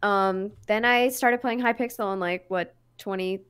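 A woman's voice: mid-range voice, fairly even intonation, measured pace, a bit bright, clear, resonant tone. A woman co-hosting a casual podcast about video games, chatty and laid-back, trailing off with fillers. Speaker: podcast co-host.

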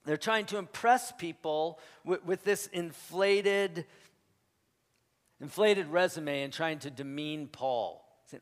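Animated male pastor in a reverberant hall. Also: a little high, measured pace. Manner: animated and emphatic, swinging from loud punches to quiet asides; joking, conversational asides to the congregation. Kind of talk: sermon.

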